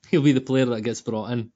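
A man's voice: medium pitch, measured pace, highs cut off. Sweary Scottish man in football banter. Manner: sweary, laughing, animated banter. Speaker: podcast co-host. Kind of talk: casual football chat.

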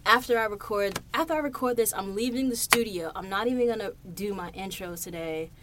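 A woman's voice: mid-range voice, a little fast, background noise. A young woman hosting her own podcast in a studio, telling stories in a chatty, loose way and swearing freely. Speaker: podcast host. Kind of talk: casual monologue. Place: recording studio.

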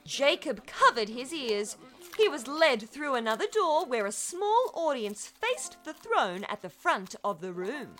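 A woman reads a children's story aloud, acting out sound effects with playful expression. Her voice sits high and moves slowly, rising and falling in lively swings. Faint music plays underneath.

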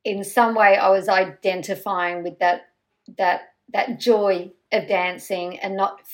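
Lively woman telling a self-mocking story. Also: mid-range voice, takes it slowly. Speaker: podcast guest. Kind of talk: animated anecdote-telling.

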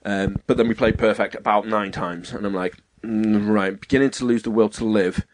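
A man's voice: fairly low pitch, fairly even intonation, normal speed. A young man on a podcast, telling a story in casual chat, swearing freely and acting out the voices of the people he quotes. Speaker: podcast co-host.

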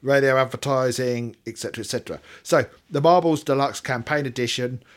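A man's voice: mid-range voice, a little fast. A British man in his fifties hosting a podcast, rambling and self-mocking, breaking into asides while reading aloud. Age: 50s. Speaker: podcast host. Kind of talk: casual chat.

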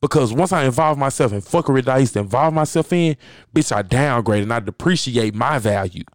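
A man's voice: medium pitch, lively intonation, a little fast, no room sound, clean studio sound. Blunt, preachy man ranting on a podcast. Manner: blunt, preachy, repeats phrases for emphasis. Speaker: podcast host. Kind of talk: profane motivational podcast rant.

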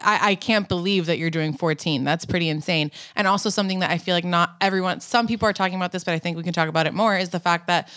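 A woman's voice: on the low side, fast, hardly any pauses, a bit bright, no echo, studio quality. A woman hosting an interview, asking direct and inquisitive questions. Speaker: podcast host. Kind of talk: interview conversation.

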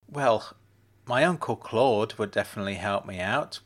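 A man's voice: on the low side, normal speed. Dry, wry male storyteller. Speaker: narrator. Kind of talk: first-person audiobook narration.

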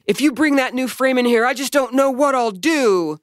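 A woman's voice: normal speed, no echo, studio quality, lightly acted. A woman putting on the voice of her elderly father, who begs and pleads in a whiny way. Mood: pleading. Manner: whiny, pleading, high-pitched.

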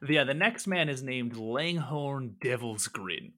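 Bright-voiced man narrating a game. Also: medium pitch, takes it slowly. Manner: relaxed narration with fillers. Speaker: game master.

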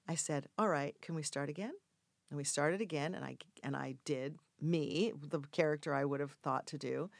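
An older woman telling a casual anecdote in an interview, acting out the quoted voices with sudden loud, high outbursts. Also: normal speed, vocal fry, no echo, studio quality. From Mexico. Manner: animated storyteller acting out quoted lines with big jumps in pitch and volume. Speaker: actress guest telling a story.

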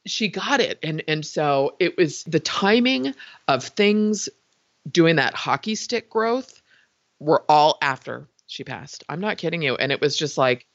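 A middle-aged woman chats openly as a podcast guest, her pitch swinging up and down as she talks. She sounds heartfelt and laughs easily. The recording is slightly dull and lo-fi, with very little room sound. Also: lively intonation, a little slow, fairly bright tone, dry recording. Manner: chatty and heartfelt, laughs often. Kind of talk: casual interview talk.

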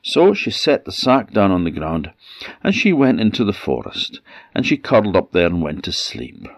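Deep animated Orcadian storyteller. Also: male voice, moderate pace, no room sound. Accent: Orcadian Scottish. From Orkney, Scotland. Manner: lively, animated, voices every character. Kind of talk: folktale storytelling. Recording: dull lo-fi dry recording.

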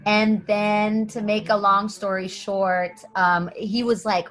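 A woman's voice: medium pitch, unhurried, few pauses. Casual podcast chat, a woman spinning a story with acted-out quotes, bubbly and laughing. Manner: animated storytelling with quoted voices; laughs often. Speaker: guest comedian.

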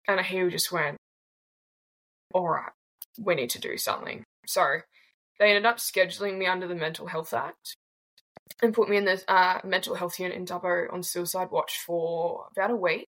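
A woman's voice: fairly low pitch, vocal fry, a bit bright, low-quality recording. A woman in her twenties with an Australian accent, telling her own story bluntly and casually as a guest. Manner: blunt, casual, swears freely. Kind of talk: candid personal storytelling.

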